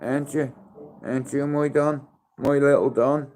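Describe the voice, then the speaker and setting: A man in his fifties on a casual live stream, mixing coaxing sing-song baby talk and sudden loud calls with rambling, heartfelt chat. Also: medium pitch, fairly even intonation, slow pace. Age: 50s.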